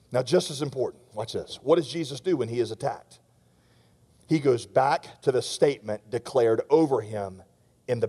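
A man's voice: high-pitched, a little mellow, in a large hall. A man preaching a sermon, speaking earnestly and straight to his listeners with frequent rhetorical questions. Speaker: pastor.

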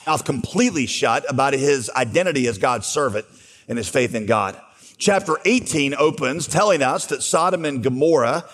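A man's voice: on the high side, breathy edge. A man preaching a sermon, telling a Bible story and voicing its dialogue as he goes. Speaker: pastor. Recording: long hall reverb.

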